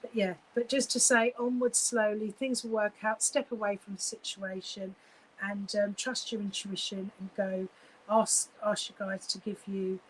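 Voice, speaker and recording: A woman's voice: mid-range voice, little pitch movement, moderate pace, a little hiss or hum, poor audio. A woman giving live psychic readings, gushing and effusive, with many fillers and restarts.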